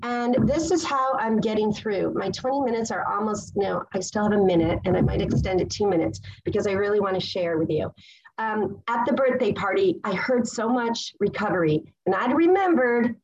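An excitable woman in her forties shares her recovery story at a meeting, talking with high energy and a lot of feeling. She pauses to search for words and then rushes on. The sound is a little dull, like audio from an online meeting. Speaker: speaker sharing at a recovery meeting. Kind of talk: personal testimony share.

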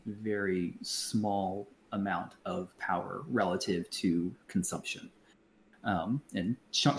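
A man co-hosting a podcast in casual chat, blunt and profane, talking in halting stops and restarts. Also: fairly low pitch. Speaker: podcast co-host. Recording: roomy echo, faint background noise.

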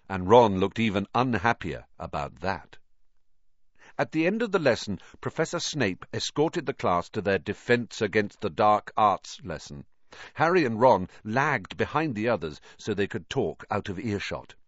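A man's voice: on the low side, normal speed, dry recording. Man narrating a storybook, lo-fi sound. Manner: expressive, varied delivery. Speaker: audiobook narrator.

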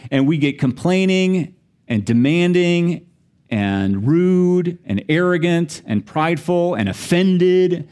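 A man's voice: a little high, lively intonation, slow, a little mellow, smooth. A middle-aged man from the United States, a pastor preaching a sermon in a chatty, self-deprecating storytelling way. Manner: conversational, self-deprecating, laughs while telling stories.

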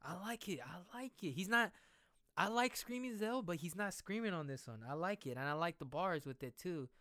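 Excitable young-sounding man reacting to music. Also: sits high, moderate pace, dry recording, clean studio sound. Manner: excitable, slangy, thinks aloud. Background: music playing.

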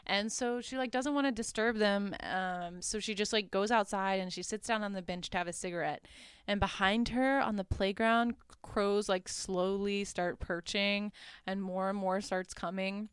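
A young woman talks through a movie's plot like she's telling a friend, with loose filler words and amused asides. Her voice is smooth and clear, and it sounds close and dry with no room around it. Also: mid-range voice, steady tone, normal speed, no echo. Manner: chatty, lots of "like", laughs at her own asides. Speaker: podcast host. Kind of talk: casual movie recap.

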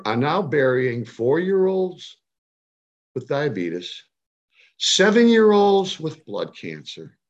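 A man in his seventies, from the Cleveland area, telling a personal story with passion and emphasis. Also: muffled recording. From Cleveland area, United States. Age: 70s. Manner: emphatic, rising to a high pitch when stirred. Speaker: speaker on health and nutrition. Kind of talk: impassioned storytelling.

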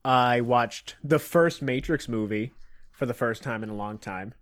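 A man's voice: medium pitch, unhurried, no room sound. A man co-hosting a casual comedy podcast, riffing and joking with his friend. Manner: jokey, riffing with bits and impressions. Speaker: podcast co-host.

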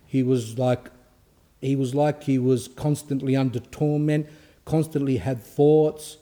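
A male priest giving an informal, lively sermon, telling stories with acted quotes. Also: mid-range voice, a little slow. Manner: animated storytelling with acted quotes.

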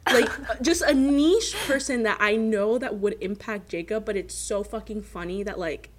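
A woman's voice: mid-range voice, moderate pace, slight background noise. A young woman co-hosting a podcast in casual chat, giggly and teasing, swearing freely. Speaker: podcast co-host.

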